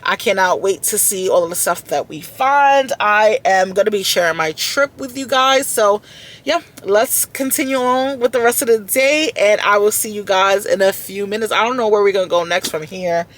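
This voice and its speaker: A woman's voice: medium pitch, moderate pace. A woman vlogging from inside a car, talking in an earnest, heartfelt way and often repeating her words. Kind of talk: heartfelt self-talk vlog.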